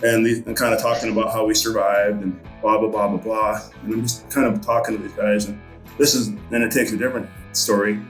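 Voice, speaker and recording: Middle-aged man, fishing guide, loose rambling storyteller; low voice, echoey room with light music behind. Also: little pitch movement, fairly quick. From Montana. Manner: rambling, with many fillers and restarts. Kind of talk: casual storytelling interview.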